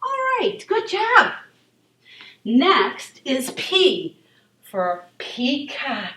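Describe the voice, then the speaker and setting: Woman children's yoga instructor, high-pitched and sing-song, unhurried; recorded far off in a reverberant room. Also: huge pitch swings. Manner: encouraging, gentle and sing-song. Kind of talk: leading a kids' yoga class. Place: library room.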